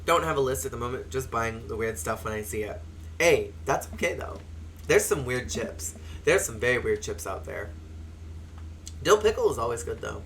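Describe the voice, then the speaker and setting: Expressive streamer chatting over gameplay. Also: mid-range voice, moderate pace, creaky, slight background noise. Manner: expressive, chatty, reads aloud and answers chat. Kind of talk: let's-play game reading and chat.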